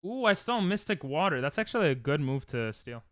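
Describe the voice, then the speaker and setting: A man's voice: a little high, very animated, a little fast, no echo. A young man chatting casually on a live stream while gaming, joking, laughing often and reading chat aloud from a close desk mic at home.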